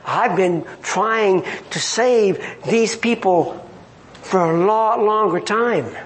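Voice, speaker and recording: A man's voice: high voice, slow, pitched below the performer's own voice. A male preacher voicing God as a patient, pleading figure, in an echoey hall. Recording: echoey hall with faint ambience.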